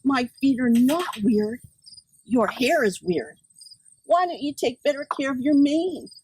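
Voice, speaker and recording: A woman's voice: sits high, lively intonation, measured pace, a little mellow, distant mic, slight background noise, low-quality recording. A woman doing a vain, haughty storybook horse. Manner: haughty, baby-talking. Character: big, vain, condescending male horse.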